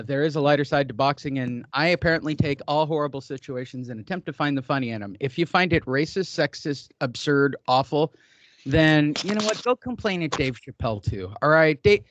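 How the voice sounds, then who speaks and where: A man's voice: fairly high pitch, no room sound, muffled recording. A man hosting a boxing podcast from a studio desk, ranting loosely with crude, profane jokes. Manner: loose, profane, joking rants. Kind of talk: casual crude podcast banter.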